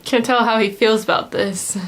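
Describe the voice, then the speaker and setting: A woman's voice: on the high side, steady tone, normal speed, music in the background. A young woman hosting a reaction video, gasping and exclaiming with emotion. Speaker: reaction host. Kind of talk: reacting to a TV show.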